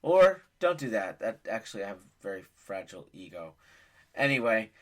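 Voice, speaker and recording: A man's voice: lowish voice, big pitch swings, moderate pace. A man in his forties hosting a casual family podcast, a rambling joke-telling dad who pokes fun at himself. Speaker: podcast host and father.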